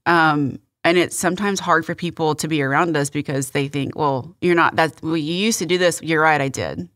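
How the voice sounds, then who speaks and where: A middle-aged woman, a guest on a faith interview show, telling a personal story in a halting, earnest way with many restarts. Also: deep voice, fairly bright tone, dry recording, clean studio sound.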